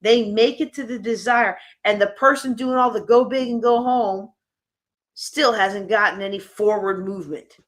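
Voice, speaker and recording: At a moderate pace and medium pitch, a woman presents a live workshop at a conference. She speaks directly to the audience, animated and conversational.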